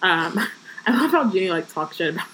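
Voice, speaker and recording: A woman's voice: fairly low pitch, big pitch swings, brisk, a bit bright, slight background noise, low-quality recording. A young adult woman co-hosting a podcast, reading book passages aloud and breaking off into casual, joking asides. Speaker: podcast co-host.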